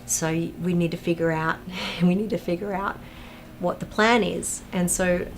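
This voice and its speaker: A woman hosting a fan watch-along, chatting casually, reading viewer comments aloud and telling animated anecdotes. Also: fairly low pitch, moderate pace, slight background noise. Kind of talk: casual livestream chat and storytelling.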